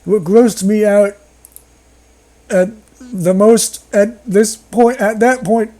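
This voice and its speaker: Slow and steady, a high-pitched man with a dark tone reads a horror story aloud. He plays reader and commentator, mocking the tale sarcastically with frequent laughter and outbursts.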